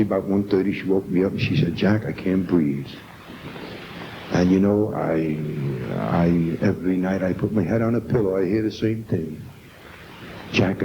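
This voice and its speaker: Earnest man on an old tape. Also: sits low. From New York. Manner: earnest, emotional storytelling. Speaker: speaker at a recovery meeting. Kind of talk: personal testimony talk. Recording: dull lo-fi 1970s tape with faint hiss.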